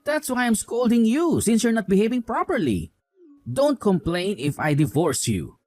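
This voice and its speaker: A man plays a young husband who blindly takes his mother's side and scolds his wife with contempt. His pitch jumps around a great deal as he lectures. The sound is dry and close, with faint music underneath. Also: sing-song, moderate pace, a little mellow, no room sound. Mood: scolding. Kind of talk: voiced drama story.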